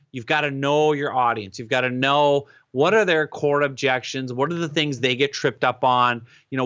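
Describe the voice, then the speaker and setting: A man being interviewed, giving advice in an animated, emphatic way and often checking in with "right?". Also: medium pitch, no echo, lo-fi sound. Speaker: guest expert on webinars.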